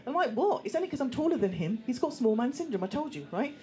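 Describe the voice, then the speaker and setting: A woman telling a personal story to a live audience, lively and acting out voices of other people. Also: fairly high pitch, fast, slight background noise. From England. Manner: animated, acts out voices, laughs through the telling. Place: small venue room with an audience.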